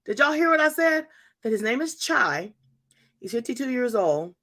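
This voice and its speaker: A woman in her fifties, serving as a church speaker and host, gives a lively testimony to her congregation at a moderate pace. Her voice is fairly high, and she speaks directly to the audience.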